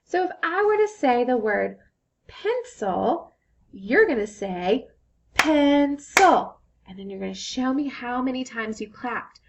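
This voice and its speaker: Slow, encouraging woman teaching young children. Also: on the high side, gravelly, lo-fi sound. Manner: slow, encouraging, sing-song with excited exclamations. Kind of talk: children's phonics lesson.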